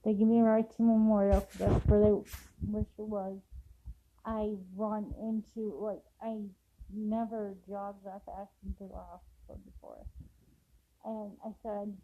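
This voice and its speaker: A woman's voice: mid-range voice, little pitch movement, warm tone, slight background noise, rough recording. Grieving woman telling a raw story. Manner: raw, emotional retelling, rushed bursts. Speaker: vlogger, grieving mother. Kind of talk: personal storytelling to camera.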